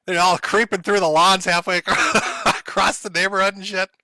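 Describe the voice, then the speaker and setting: A man's voice: high-pitched, flat delivery, normal speed, bright, forceful tone, dry recording, studio quality. A man streaming live in casual chat, sarcastic and profane, laughing often as he talks to his chat.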